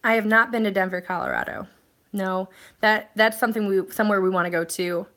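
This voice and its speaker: A woman's voice: medium pitch, big pitch swings, fairly quick, fairly bright tone. A woman hosting a casual live stream, chatting and answering viewer comments in a rambling way with plenty of ums and restarts.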